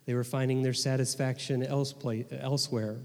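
Male pastor, mid-pitched, earnest sermon delivery with restarts, church hall with long reverb. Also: flat delivery, normal speed, darkish tone. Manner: earnest, repeats words when restarting.

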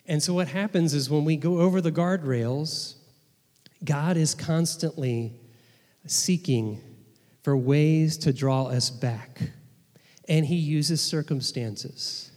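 A man's voice: on the high side, takes it slowly, a little mellow. A man preaching a sermon as pastor, earnest, often repeating words as he restarts a phrase. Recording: long reverb of a hall.

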